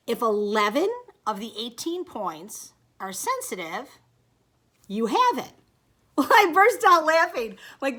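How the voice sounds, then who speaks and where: A middle-aged woman telling a personal story to camera in a casual, animated way, acting out the dialogue. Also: on the high side. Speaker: vlogger sharing her experience.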